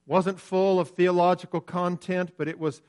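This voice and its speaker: A man preaching a sermon earnestly, slowing down and swinging his voice up and down for emphasis. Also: high voice, flat delivery, darkish tone. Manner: earnest, rises and falls sharply for emphasis, slows on key lines.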